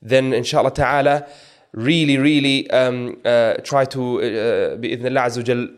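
A man's voice: mid-range voice, steady tone, moderate pace, clean tone. A man hosting a podcast interview with a caller, often breaking into blessings and restarting his sentences. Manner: warm, repeats religious blessings, hesitant restarts. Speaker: podcast host.

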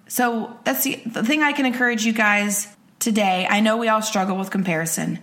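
A woman in her forties hosting a podcast, giving an energetic, candid motivational talk and repeating phrases for emphasis. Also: mid-range voice, fairly quick. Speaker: podcast host.

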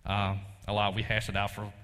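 Folksy preacher in a reverberant hall. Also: male voice, fairly low pitch, monotone, fairly quick, fairly bright tone. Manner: folksy, storytelling, laughs often. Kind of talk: casual sermon with personal story.

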